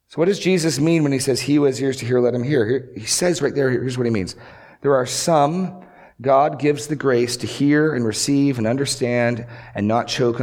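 A man's voice: mid-range voice, a little mellow. A male pastor preaching an earnest sermon, asking rhetorical questions and repeating key lines for emphasis.

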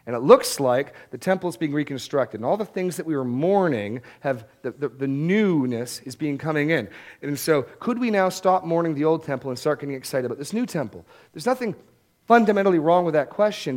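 A man's voice: a little high, very animated, a little fast, a little mellow. A man preaching a Bible-teaching sermon in a conversational way, often repeating words as he restarts a thought.

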